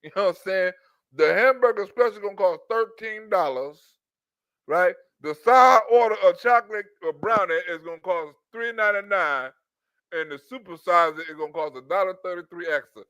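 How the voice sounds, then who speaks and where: A man's voice: sits high, moderate pace, fairly bright tone, clean tone, dry recording, muffled recording. A man giving a profane comedic reaction rant, telling the story with mock outrage. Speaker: commentator.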